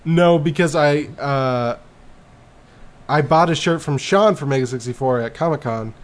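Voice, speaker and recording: A man's voice: on the high side, unhurried. A man chatting casually on a podcast, offhand and given to crude, profane jokes. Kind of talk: casual chat.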